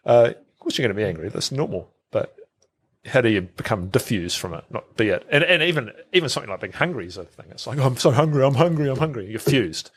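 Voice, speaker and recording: A man's voice: on the low side, expressive, quick pace, fairly bright tone, husky. A middle-aged man, a podcast guest who talks casually, repeats words and acts out quoted thoughts. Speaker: guest, health researcher.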